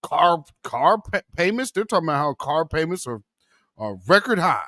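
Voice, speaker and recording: A man's voice: a little high, big pitch swings, moderate pace, bright, forceful tone, no echo, clean studio sound. A man hosting a political commentary vlog, impassioned and preachy, calling his viewers family and brother. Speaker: commentary channel host.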